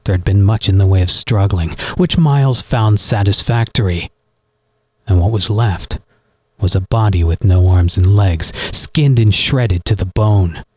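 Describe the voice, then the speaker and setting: A man reading a horror story aloud in an expressive, dramatic narrating style. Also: low-pitched, unhurried, slightly rough, dry recording. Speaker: audiobook narrator.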